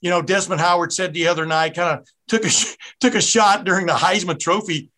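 A middle-aged podcast host with a Southern US accent talks fairly quickly in a high, pushed, bright voice. Chatty and rambling during a casual interview, he tends to abandon thoughts midway.

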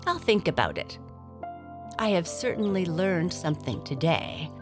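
A woman's voice: lowish voice, sing-song, measured pace. A woman voicing a curious young female black cat in a storybook, asking eager, wide-eyed questions. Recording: clear music behind voice.

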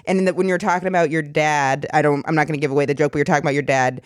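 A young adult woman hosting a podcast in casual chat, animated and quick to act out voices in her stories. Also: sits low. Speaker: podcast host.

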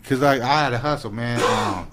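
A man speaking, talking in a loose, casual podcast chat that turns animated when he gets excited. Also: medium pitch, moderate pace, noisy background. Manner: laid-back street slang, animated when excited. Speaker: social media creator, podcast guest.

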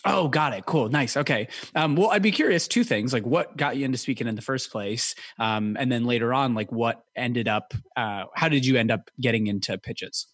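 A man's voice: medium pitch, moderate pace, few pauses, a bit bright. Upbeat male podcast host. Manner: upbeat, many fillers like "um" and "like". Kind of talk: podcast interview.

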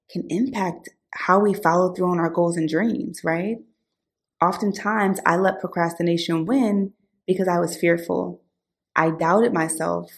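A woman's voice: lowish voice, creaky. A woman co-hosting a podcast, talking earnestly and personally about her life and goals. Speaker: podcast co-host. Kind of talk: casual podcast chat.

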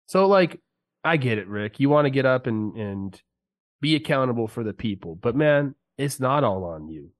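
A man's voice: medium pitch, very animated, normal speed. A man who used to play pro ball, talking sports on a podcast in a heated, emphatic way while sick. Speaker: podcast co-host, former player. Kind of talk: casual sports talk. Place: podcast studio.

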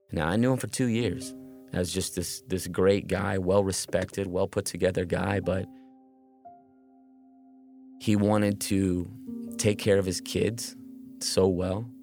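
A man's voice: low voice, a little mellow. A man telling a tense first-person true story, often stumbling and repeating words.

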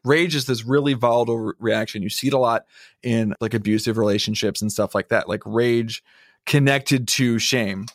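Measured, reflective man on a podcast. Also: mid-range voice, no echo, studio quality. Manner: measured, reflective, slow and thoughtful. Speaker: podcast co-host. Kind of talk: conversational chat.

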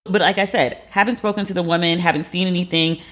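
A woman's voice: fairly low pitch, steady tone, fast. A woman host telling a personal story in a casual monologue, candid and profane, acting out quoted lines of herself and others.

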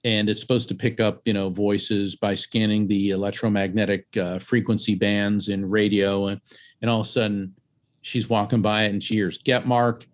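Animated male medium telling a story. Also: moderate pace. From Central Florida. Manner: animated storyteller, acts out voices and raises his pitch sharply. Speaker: psychic medium and author. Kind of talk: storytelling interview guest.

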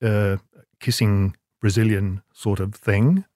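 A man's voice: lowish voice, fairly even intonation, slow pace, dark tone, no room sound, studio quality. An older man, telling long self-deprecating anecdotes as an interview guest, with many restarts. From Australia. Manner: rambling, self-deprecating storyteller with frequent restarts. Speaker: guest, advertising creative.

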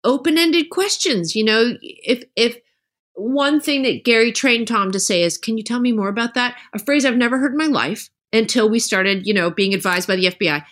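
Her voice is fairly high and moves at a moderate pace. She's a middle-aged author being interviewed on a podcast, chatting informally and bringing quoted voices to life as she tells her stories with animation.

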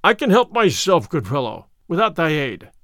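A man's voice: fairly high pitch, sing-song, normal speed, a bit bright, no echo, clean studio sound. A man voicing a big, sullen outlaw who grumbles testily. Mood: testy. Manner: testy, grumbling.

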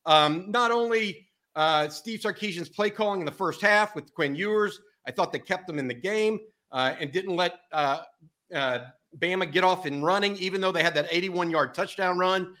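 Bright-voiced sports talk host. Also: male voice, high voice, moderate pace. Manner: many filler uhs, chatty. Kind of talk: postgame sports talk show.

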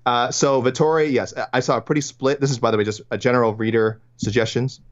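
Canadian dude rambling fast on a sports podcast, trips over his words, kinda muffled. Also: mid-range voice, steady tone. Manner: quick, rambling, self-correcting. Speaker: podcast co-host. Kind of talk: casual sports podcast chat.

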